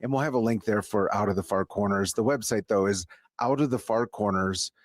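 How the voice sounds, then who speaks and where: A talk-show host with a lowish male voice, recorded dry and close. He recaps the story with frequent uhs and small laughs, speaking at an unhurried pace. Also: no room sound. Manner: warm, hesitant delivery with many uhs and light laughs. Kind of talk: radio interview hosting.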